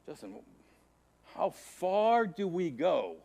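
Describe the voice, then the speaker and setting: Gravelly, higher-voiced male Bible teacher. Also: big pitch swings, slow pace. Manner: dramatic swings from hushed to loud emphasis; repetitive, emphatic preaching cadence. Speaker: Sunday school teacher.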